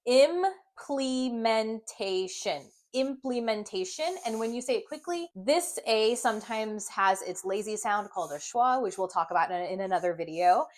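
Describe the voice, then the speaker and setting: Woman reading teacher, clear and patient, sounds words out slowly for students. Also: mid-range voice, lively intonation. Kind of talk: instructional video lesson.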